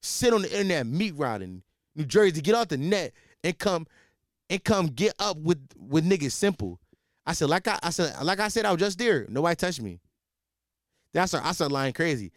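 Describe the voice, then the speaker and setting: A man hosting a podcast, telling a comic story in a profane, rambling, animated way. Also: on the high side, brisk, no room sound, studio quality. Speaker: podcast host. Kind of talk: comedic storytelling.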